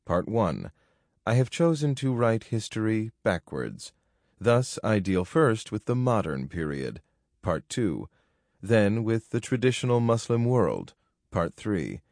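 Male narrator, lowish voice, dry close studio sound, formal measured audiobook reading. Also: darkish tone, no echo. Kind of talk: scripted narration of a nonfiction book.

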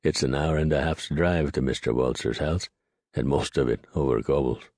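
A man voicing a blunt, gruff Cockney cab driver in an audiobook reading. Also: rumbling low, normal speed, darkish tone, no echo, clean studio sound.

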